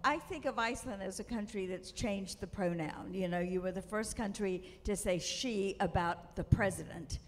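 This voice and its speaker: A woman moderating a panel, putting a question to a guest in a measured way with many fillers. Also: mid-range voice, slight background noise. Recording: reverberant hall with faint ambience.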